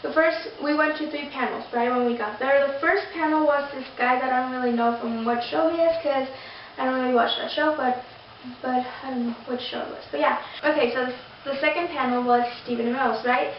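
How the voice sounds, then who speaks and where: A young woman vlogger talks to camera in a high, fairly quick voice, rambling through a story with gushing enthusiasm, lots of fillers and frequent restarts. The recording is very echoey, distant and dull, a lo-fi sound with faint noise.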